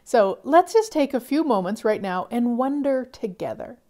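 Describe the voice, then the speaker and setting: A woman with a fairly high, mellow voice talks her listeners through a gentle coaching session. She encourages warmly, sighs often and sinks into soft whispers when she repeats the key phrases. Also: lively intonation, moderate pace. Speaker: podcast host. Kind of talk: coaching talk.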